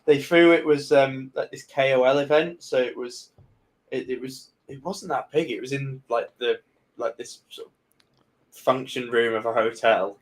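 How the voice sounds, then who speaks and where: A man hosting a podcast, telling anecdotes in a relaxed way with frequent fillers. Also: medium pitch, normal speed. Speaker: podcast host. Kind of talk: casual podcast chat.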